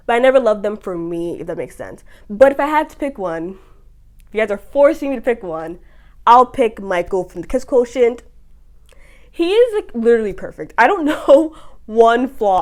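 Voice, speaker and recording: A young woman chatting casually as a book vlogger, gushing and animated with playful rants while answering a book tag. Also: mid-range voice.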